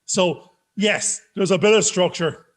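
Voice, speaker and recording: A man co-hosting a podcast, cracking jokes in animated, playful, self-mocking banter. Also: high-pitched, measured pace. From Ireland. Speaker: podcast co-host. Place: video call.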